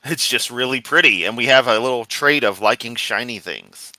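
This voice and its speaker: A male commentator reacts to a clip with wry, sarcastic quips. His voice is bright and forceful. The sound is dry and close to the mic. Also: mid-range voice, moderate pace, no echo.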